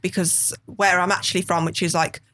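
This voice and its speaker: A woman's voice: fairly low pitch, little pitch movement, a little fast, sharp tone. A woman with a thick Birmingham accent, a model guest chatting casually on a podcast, laughing often and swearing freely. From England. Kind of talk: casual chat.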